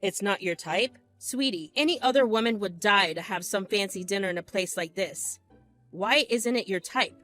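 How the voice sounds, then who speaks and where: A woman's voice: mid-range voice, normal speed, a bit bright, faint music behind, close to an everyday voice. A woman voicing a jealous, domineering young husband who blusters and pushes. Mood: smug. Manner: pushy, blustering.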